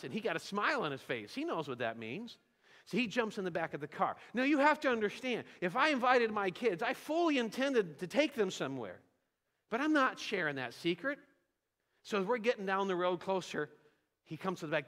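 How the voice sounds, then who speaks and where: Guest preacher, male, lively homespun storyteller, slightly high voice, long church reverb. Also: moderate pace. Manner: storytelling with homespun humor, animated. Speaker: visiting pastor. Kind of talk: sermon. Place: church sanctuary.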